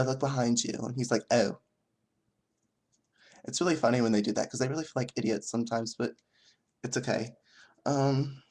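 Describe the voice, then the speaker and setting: A man's voice: medium pitch, a little mellow. A young man vlogging who tells a store story in an exaggerated, put-on British accent, rambling and quoting customers. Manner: rambling, chatty storytelling with quoted dialogue. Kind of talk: comic vlog storytelling.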